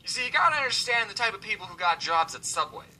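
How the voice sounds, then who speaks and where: A young man telling comic stories in an animated, sarcastic way, sometimes putting on voices for the people in them. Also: high voice, quick pace, a little hiss or hum, rough recording. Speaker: animated storyteller. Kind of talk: comedic storytelling to the camera. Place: Arizona.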